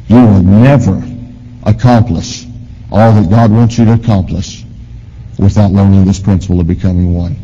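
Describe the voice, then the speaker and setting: A male pastor with a warm tone preaches a sermon, swinging emphatically in pitch and volume and asking the congregation questions. A long hall reverb hangs on the recording.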